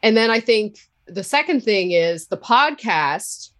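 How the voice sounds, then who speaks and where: A woman with a Cape Breton accent, a podcaster talking candidly as an interview guest, with a loud laugh. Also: mid-range voice, animated, a little slow. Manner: candid, laughs loudly, swears freely. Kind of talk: casual interview talk.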